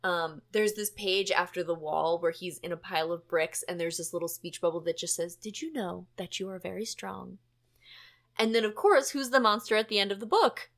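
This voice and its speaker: A woman hosting a podcast in casual chat, animated and chatty with plenty of fillers. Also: on the low side, a little fast, hardly any pauses. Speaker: podcast host.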